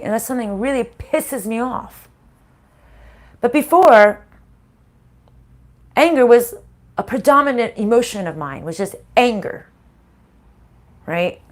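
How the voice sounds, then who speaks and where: A middle-aged woman giving a casual spiritual reading, frank and animated, swearing freely and laughing often. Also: on the high side. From Italian-American family. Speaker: spiritual reader and channel host.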